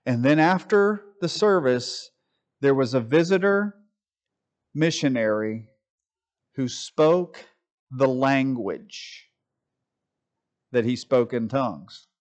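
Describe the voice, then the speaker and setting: A middle-aged man giving an informal preaching talk, conversational and animated, mimicking voices when he tells stories. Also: medium pitch, slow, long pauses, highs cut off. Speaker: Christian speaker.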